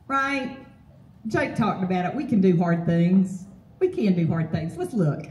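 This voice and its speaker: Woman seminar speaker, high and animated, fired-up coaching delivery, heard from a distance in a roomy hall. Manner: energetic, fill-in-the-blank rhetorical questions. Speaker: property management trainer and speaker. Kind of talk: motivational seminar talk. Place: event hall with an audience.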